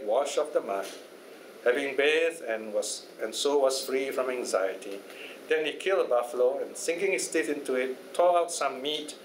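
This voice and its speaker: A Buddhist teacher telling a fable to a study class, chatty and often checking in with his listeners. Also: medium pitch. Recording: echoey room, faint noise.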